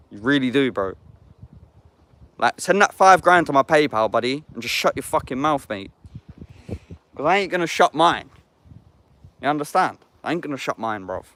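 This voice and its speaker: A young man with an English accent holds forth in casual livestream chat. His speech is loose and slang-heavy, with frequent swearing as he answers comments from his viewers. His voice sits at an average pitch. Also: fairly bright tone.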